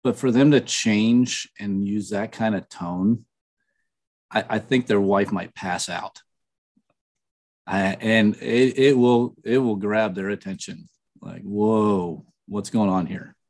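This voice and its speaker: A middle-aged man talking earnestly in an interview, slightly nasal, pausing often with fillers and restarts. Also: fairly low pitch, a little mellow. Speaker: podcast guest, author. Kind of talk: casual interview talk.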